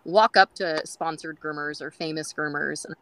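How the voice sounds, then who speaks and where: A woman's voice: sits low, steady tone, normal speed, crowd noise, poor audio. A woman guest on a groomers' podcast, telling stories in a chatty way with many fillers and acting out quoted dialogue. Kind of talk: casual storytelling interview.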